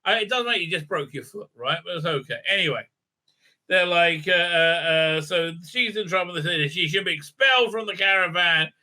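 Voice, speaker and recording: A man reviewing a TV episode in a sarcastic, profane rant, halting with many fillers. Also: sits high, pushed and bright. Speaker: TV show reviewer. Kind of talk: ranting recap and review.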